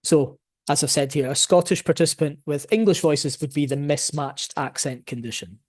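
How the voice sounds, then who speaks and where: A man's voice: on the high side, normal speed, a little mellow. A man presenting his research in an academic talk, explaining his findings and thinking aloud as he goes.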